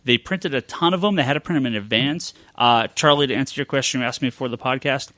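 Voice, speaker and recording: A man chats loosely on a podcast about his work as a comic book retailer. His voice is bright and forward, and it is recorded close and dry. He rambles along with plenty of filler pauses. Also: medium pitch, no echo. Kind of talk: casual podcast chat.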